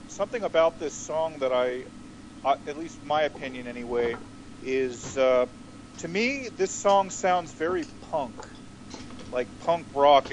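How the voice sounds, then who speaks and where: Podcast cohost dude, lots of uh and um, hesitant, normal pitch, little hiss in the background. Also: male voice, low-quality recording. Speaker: podcast co-host. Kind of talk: casual podcast chat.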